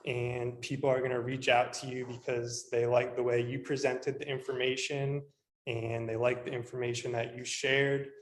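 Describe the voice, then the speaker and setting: A young man, a real estate agent, teaching a class in a casual, relaxed way with plenty of ums while walking through a screen demo. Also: medium pitch. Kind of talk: casual instructional talk. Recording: echoey room.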